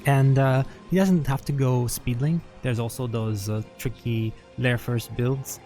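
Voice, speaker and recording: This esports commentator at a LAN event venue has a dark, steady, medium-pitched voice and an unhurried pace, with faint music behind him. He analyzes a strategy game match in a chatty way, often laughing and using fillers.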